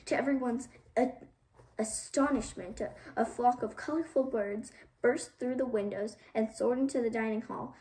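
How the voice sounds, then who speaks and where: A woman's voice: on the high side, a little hiss or hum, poor audio. Woman reading a chapter book aloud. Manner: expressive, with small slips and restarts. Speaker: storyteller. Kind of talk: reading a children's novel aloud.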